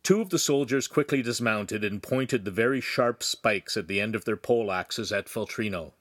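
A man narrating a young adult novel in an even, measured reading voice. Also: fairly low pitch, no room sound, studio quality. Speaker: audiobook narrator. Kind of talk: scripted story narration.

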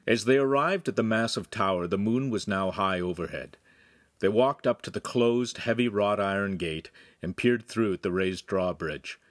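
A man reading a young adult novel aloud in calm, scripted narration. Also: lowish voice, moderate pace, dry recording, studio quality. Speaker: audiobook reader.

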